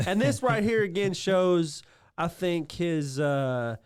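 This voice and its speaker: A man co-hosting a podcast, chiming in casually with quick agreement and comments. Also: high-pitched, animated, smooth, no echo, clean studio sound. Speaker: podcast co-host. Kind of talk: casual chat.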